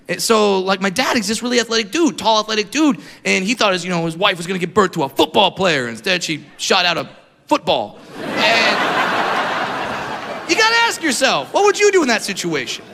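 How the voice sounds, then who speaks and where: A man's voice: high-pitched, very animated, fairly quick, noisy background. A man doing a crude, punchy stand-up comedy set before a live audience. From California. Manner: brash, crude, punchy delivery with mocking voices for others. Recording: live show in a hall, loud audience.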